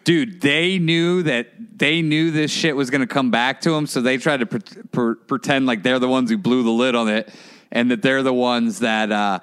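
A man's voice: mid-range voice, fairly even intonation, moderate pace, a bit bright, clean tone. A man co-hosting a podcast, chatting casually, often laughing and outraged, swearing freely. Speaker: podcast co-host. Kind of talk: casual chat.

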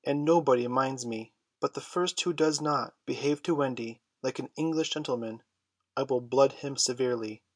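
A man's voice: medium pitch, normal speed, no echo, studio quality, close to an everyday voice. A man voicing a silly boy turned dignified. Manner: dignified, grand.

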